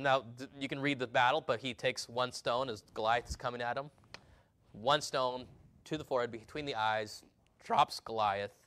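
A man preaching a sermon, swinging from quiet, stumbling asides to loud, slow declarations, often repeating words. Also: medium pitch. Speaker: pastor.

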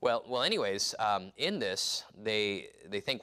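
A man preaching an expository sermon, reading scripture aloud and acting out the scenes in lively voices. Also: lowish voice, measured pace, clean tone. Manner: animated, reads scripture aloud and acts out scenes.

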